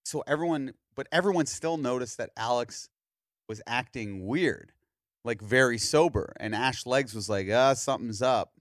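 A man's voice: medium pitch, normal speed, no echo, clean studio sound. A man in his thirties hosting a podcast, telling a story in casual chat and acting out other people's lines as he goes. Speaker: podcast host.

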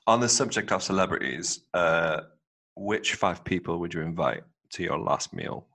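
A man's voice: sits low, lively intonation, moderate pace, sharp tone. A man hosting a casual chat, asking questions and teasing his guest. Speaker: host.

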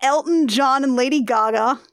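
A woman's voice: high-pitched, moderate pace, clear, resonant tone, no echo, studio quality. A woman co-hosting a podcast, chatting casually and asking incredulous questions. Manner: chatty, trailing 'like' fillers, incredulous questions. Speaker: podcast co-host. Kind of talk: casual comedic chat.

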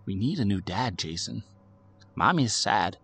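A man voicing a quiet, eerie little girl with a dry, croaking voice. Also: fairly low pitch, very animated, moderate pace, exaggerated voice.

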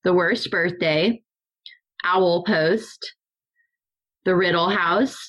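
A young woman co-hosting a podcast in casual chat, animated, laughing often and acting out quotes. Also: lowish voice, very slow, low-quality recording. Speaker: podcast co-host.

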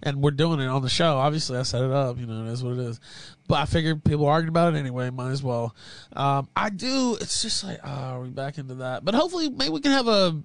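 A man with a Southern US accent hosting a casual livestream as moderator, rambling and chuckling often as his volume swings from loud to low. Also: lively intonation, quick pace, no room sound.

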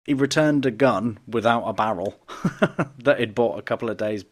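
A young man co-hosting a casual podcast, bantering, laughing easily and swearing, and reading a news article aloud slowly. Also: mid-range voice. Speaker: podcast co-host.

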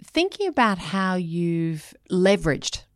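A woman's voice: on the low side, big pitch swings, slow, dry recording, clean studio sound. A woman who runs a business network, interviewing her guest and drawing him out with short, encouraging affirmations. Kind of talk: podcast interview.

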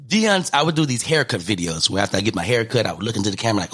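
A middle-aged male comedian tells stories in an interview, his pitch leaping as he acts out the people he quotes. His voice is bright but husky. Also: lively intonation, very fast, hardly any pauses. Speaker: comedian and guest. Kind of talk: animated storytelling in an interview.

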